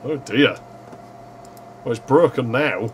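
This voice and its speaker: A man casually commenting while streaming a retro game, swearing freely and yelling at the screen now and then. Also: medium pitch, animated, slow pace, slight background noise.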